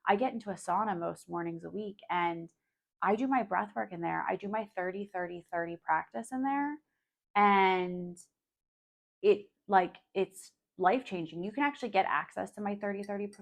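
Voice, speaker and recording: A woman with a medium-pitched voice and vocal fry hosts her own casual solo podcast. She coaches her listeners directly, speaking candidly, swearing freely, and filling her talk with "like" and "um".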